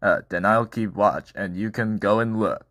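A gruff storybook farm dog, voiced by a man who scoffs at silly ideas. His voice is low and the sound is dry and close. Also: steady tone, normal speed, fairly bright tone, no room sound, lightly acted. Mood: scoffing.

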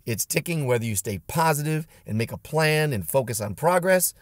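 A martial arts instructor who hosts his own channel delivers an emphatic, punchy motivational talk to camera, full of blunt pep-talk lines. His voice is fairly high and expressive, moving at a moderate pace. The recording is dry and of studio quality.

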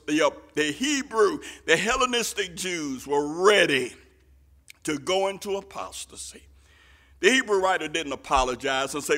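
A man preaching a sermon with passion, swinging from quiet asides to shouted lines, using folksy Southern turns of phrase. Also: a little high, expressive, moderate pace. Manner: impassioned, rising to shouts.

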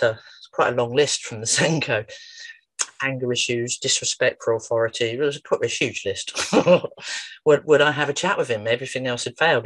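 A man of middle pitch gives a relaxed, promotional talk about his wellbeing work. He tells stories chattily and acts out the dialogue, and the recording is dry with no room echo. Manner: chatty storyteller, acts out quotes. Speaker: wellbeing practitioner. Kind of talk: informal promotional talk with anecdotes.

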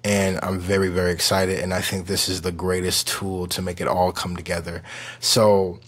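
A man's voice: deep voice, flat delivery, normal speed. A man hosting his vlog in casual, playful, rambling talk to the camera, enthusiastic about his gear, recorded on a wireless clip-on mic. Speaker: vlog host.

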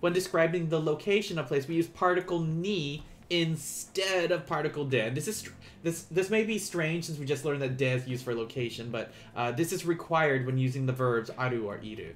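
A man teaching a beginner Japanese lesson on a live stream, explaining in a relaxed, chatty way with many fillers and restarts. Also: a little high, brisk, slight background noise.

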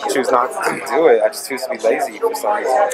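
A man receiving prayer, talking hesitantly with halting restarts. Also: mid-range voice. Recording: crowd noise behind.

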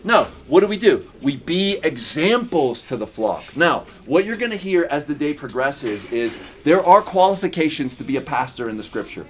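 Emphatic preaching man, fairly high voice. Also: very animated, moderate pace, few pauses, a little hiss or hum. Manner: emphatic preaching with repeated phrases and rhetorical questions. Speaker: pastor. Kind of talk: sermon. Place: church in Uganda.

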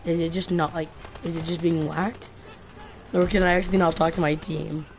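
Speaking through a gaming headset mic, a woman vents during a live game stream, cursing at the opposing team and her computer in frustrated, profane complaints. Her lowish voice has a darkish tone, little pitch movement, and normal speed, with a touch of hiss or hum behind it.

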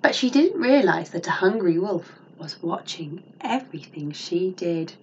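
A woman's voice: fairly low pitch, unhurried, highs cut off, a little hiss or hum. A woman teacher reading a picture book aloud to children, asking them questions and gasping at the twists. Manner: animated, with gasps and questions to the listener.

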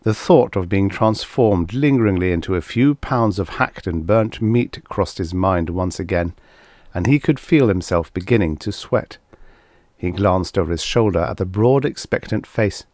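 Deep-voiced man narrating a vintage story. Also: no room sound, clean studio sound. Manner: measured, even reading. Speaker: audiobook narrator.

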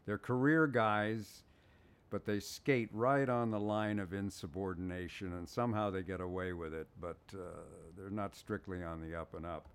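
An older man with a very low, deep voice tells an interview anecdote about his work as a voice actor. He recounts it as an animated storyteller, slipping into the voices of the people he quotes. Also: normal speed, clean tone.

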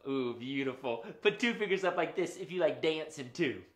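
A man hosting a children's puppet show, talking to the kids at home in an animated, sing-song way. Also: fairly high pitch, normal speed. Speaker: children's entertainer host. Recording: roomy room echo.

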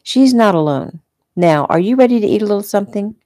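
A woman's voice: mid-range voice, expressive, brisk, mellow, no room sound, studio quality, voice pushed up, natural voice. A woman reading the part of an older woman, a motherly cook who talks sweetly and teasingly. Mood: kindly.

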